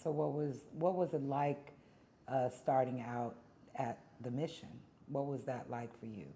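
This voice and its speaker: A woman interviewer with a low, mellow voice. She gently repeats her guest's story back and asks follow-up questions. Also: fairly even intonation, a little slow, slight background noise.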